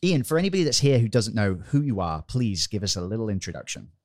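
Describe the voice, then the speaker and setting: A man's voice: fairly low pitch, very animated, quick pace, darkish tone, dry recording, clean studio sound. A man hosting a podcast, introducing a guest in an upbeat, bantering way. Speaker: podcast host.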